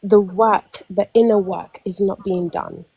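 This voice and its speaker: With a creaky, slightly rough voice of medium pitch and a measured pace, a young London panel caller shares a long story about herself. She chats casually, acts out dialogue, and frequently starts over, recorded with no echo.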